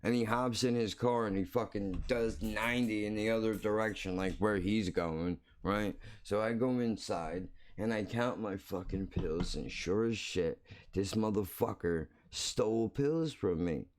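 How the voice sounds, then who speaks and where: In a casual storytelling monologue, a man hosting his own podcast rambles through a story bluntly, cursing freely. He talks in a fairly low voice, unhurried and with few pauses.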